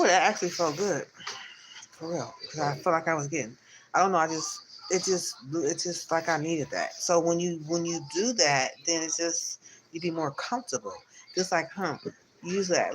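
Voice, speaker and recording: With background noise behind him, a man whose voice is on the high side talks at a moderate pace. He gives a live-streamed spiritual tarot reading, rambling and repeating himself in an encouraging way.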